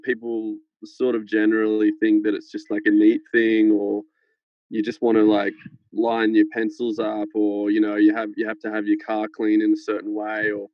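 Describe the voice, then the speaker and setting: Man, podcast guest, low steady voice, hesitant, dry muffled sound. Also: normal speed, dry recording. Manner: hesitant, many restarts and "like" fillers. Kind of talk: candid personal conversation.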